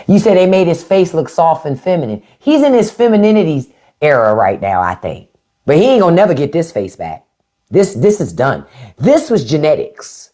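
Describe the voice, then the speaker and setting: A woman's voice: sits low, sing-song, normal speed, warm tone. A woman hosting a live stream, talking bluntly and with plenty of profanity straight to her viewers. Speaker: podcast host doing a live stream. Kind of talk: unfiltered live-stream commentary. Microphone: phone or webcam on a live stream.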